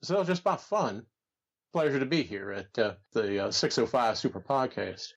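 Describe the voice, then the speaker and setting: A man's voice: medium pitch, expressive, moderate pace, creaky, husky, muffled recording, voice pushed down. A man doing a folksy male wrestling commentator character who speaks with hesitant fillers. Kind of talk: comedy podcast impression.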